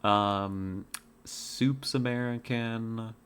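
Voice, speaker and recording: A woman's voice: a bass voice, steady tone, drawn-out words, smooth. A woman streamer chatting casually with her chat while playing a hunting game, rambling with many fillers and restarts.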